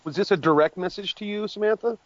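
A man's voice: sits high, quick pace, no echo. A man co-hosting a podcast, tossing in dry joking remarks. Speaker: podcast co-host. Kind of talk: casual chat. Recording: dry, dull lo-fi audio.

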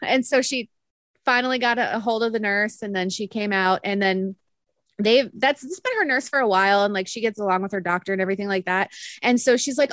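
A young woman telling a story on a podcast, animated and laughing often as she acts out what others said. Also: mid-range voice, quick pace, dry recording. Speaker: podcast co-host. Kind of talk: casual storytelling chat.

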